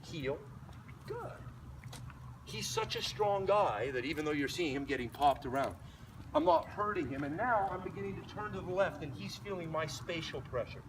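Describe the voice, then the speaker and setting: A man's voice: on the high side, sing-song, normal speed. A man working as a dog trainer, explaining a leash lesson outdoors while walking, often breaking off to praise the dog in a light voice. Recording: distant mic, noisy outdoor.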